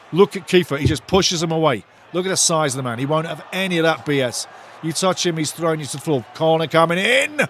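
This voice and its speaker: A man runs a live football watch-along, commentating with excitement, yelling at the big moments and reading viewers' comments out loud, often saying the same phrases again. His voice is slightly high, with a bit of background noise.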